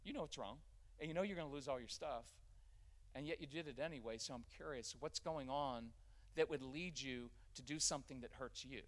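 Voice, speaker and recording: A man's voice: medium pitch, brisk. A man in his fifties giving a live parenting workshop, joking and acting out parent-child dialogues. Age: 50s.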